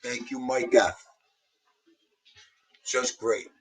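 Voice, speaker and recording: Livestream host, husky New man, middle-aged, grieving, warmly greeting his regulars. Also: mid-range voice, steady tone, very slow, rough recording. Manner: emotional, heartfelt, greets viewers by name. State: grieving, tearful. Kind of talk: casual livestream chat greeting viewers.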